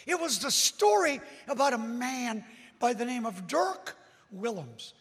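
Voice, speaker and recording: A man preaching a sermon as a dramatic storyteller who breaks into sudden shouts. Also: extremely high pitch, big pitch swings, a little slow, breathy edge, in a large hall.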